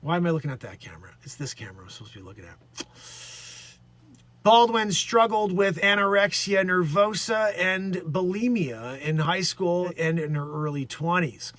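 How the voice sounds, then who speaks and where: A man's voice: high-pitched, animated, moderate pace, a bit bright, no room sound. A man hosting a daily livestream, reading news aloud and riffing on it in a rambling, jokey way with some swearing. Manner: rambling, jokey, swears, slips into put-on voices. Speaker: livestream host.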